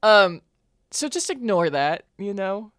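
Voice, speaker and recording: A woman's voice: mid-range voice, big pitch swings, slow, dry recording, studio quality. A woman player on a tabletop role-play podcast, chatting casually and laughing often in an easygoing way.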